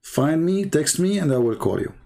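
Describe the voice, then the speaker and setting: A man's voice: a little high, big pitch swings, normal speed, creaky, warm tone. A man hosting a live call-in debate, questioning a caller and mocking him to his audience. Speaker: debate host.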